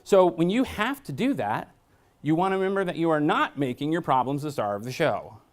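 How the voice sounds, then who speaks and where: A blunt, joking man giving a staff training talk. His pitch swings in a lively way as he tells stories. He keeps asking the audience questions. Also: fairly quick. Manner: asks the audience frequent questions. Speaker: workshop presenter.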